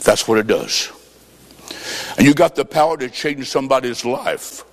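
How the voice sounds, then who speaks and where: A man's voice: mid-range voice, animated, normal speed. Man, revival preacher, fervent, storytelling, long hall reverb, church. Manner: fervent, shouting at peaks, acts out quotes.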